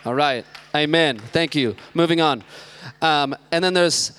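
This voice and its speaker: A man's voice: fairly high pitch, brisk, fairly bright tone, clear, resonant tone. A man in his thirties giving a casual, chatty sermon with lots of joking asides, speaking as a church youth pastor. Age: 30s.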